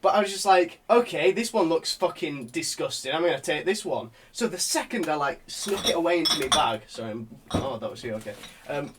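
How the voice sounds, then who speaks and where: A man's voice: fairly high pitch, expressive, a little fast, a little hiss or hum. A man in casual podcast chat, telling a dream story animatedly, swearing and laughing as he goes. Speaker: podcast co-host.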